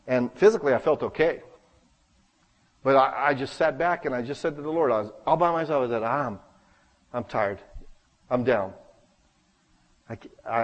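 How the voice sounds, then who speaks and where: A man preaching a sermon as pastor, talking conversationally and swinging between loud emphasis and hushed asides. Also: medium pitch, long reverb tail, highs cut off.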